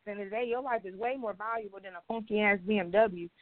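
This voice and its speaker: A woman's voice: medium pitch, fast, no room sound. A woman co-hosting a podcast in casual chat, telling a story loosely and profanely. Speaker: podcast co-host. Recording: tinny phone-like dry sound.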